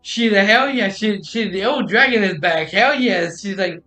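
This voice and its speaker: A man's voice: sits high, moderate pace, bright, forceful tone. A man streaming from home, casually retelling a story with many restarts and quoted dialogue. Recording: echoey room with music behind.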